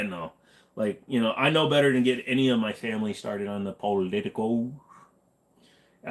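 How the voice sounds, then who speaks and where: A man hosting a casual livestream chat, rambling in a laid-back way with lots of fillers. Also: on the low side. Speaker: host.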